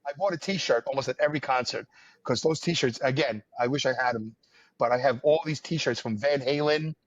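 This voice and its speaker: A podcast host from the New York area in the US tells rambling, wry stories in casual chat, full of fillers. His medium-pitched voice moves at a normal speed, and the recording is dull, lo-fi, and dry with no echo.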